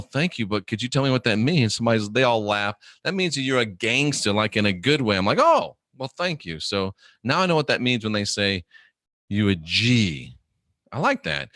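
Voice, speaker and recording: A middle-aged man hosting a livestream reads viewer chat comments aloud, joking in a blunt, profane way during casual live chat. His voice is mid-range, bright, and forceful, recorded dry with studio quality.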